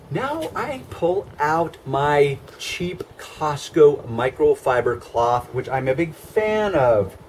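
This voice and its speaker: This car detailing instructor gives a hands-on scratch repair demonstration, walking through each step in a conversational, emphatic manner. His voice leans high and a little mellow, with a faint hiss or hum in the background.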